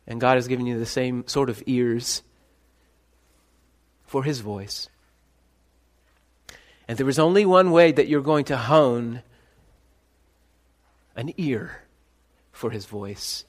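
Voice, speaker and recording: A pastor preaching a sermon, swinging between hushed reflection and loud, ringing calls. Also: male voice, mid-range voice, slow, long pauses. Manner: dramatic shifts between soft and loud, calling out names.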